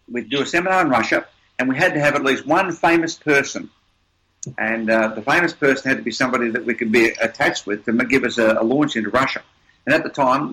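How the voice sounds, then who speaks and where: A man's voice: mid-range voice, bright, forceful tone, rough recording. An older man, an interview guest, telling motivational stories in an emphatic, upbeat way with repeated words. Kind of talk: motivational storytelling.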